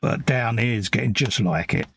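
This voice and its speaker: A man's voice: mid-range voice, moderate pace, creaky, fairly bright tone, a little hiss or hum. A middle-aged man with a London accent, telling wry stories in a casual chat while building models. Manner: wry storytelling, quotes his wife in put-on voices. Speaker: co-host of a model-building stream.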